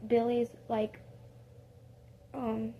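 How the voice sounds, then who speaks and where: A woman's voice: fairly high pitch, completely flat delivery, very slow, dull audio, slight background noise. A woman improvising a casual second-person story, rambling with many fillers and corrections of herself.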